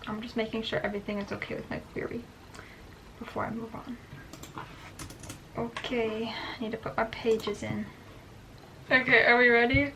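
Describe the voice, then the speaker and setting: A woman vlogging casually to camera, chatty and excitable with lots of filler words. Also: a little high, normal speed, creaky, pauses often, a little hiss or hum. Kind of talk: casual vlog talk to camera.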